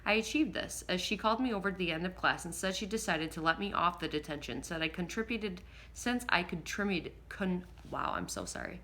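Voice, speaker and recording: A woman narrating a first-person audiobook in a lively, expressive way, now and then slipping and rereading a line. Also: lowish voice, a little fast, hardly any pauses. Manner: lively, expressive reading with occasional slips and rereads.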